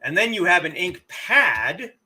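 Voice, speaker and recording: A man's voice: high-pitched, very animated, measured pace, bright, forceful tone, a little hiss or hum. A middle-aged man casually bantering with his chat while livestreaming a game. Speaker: livestream gamer.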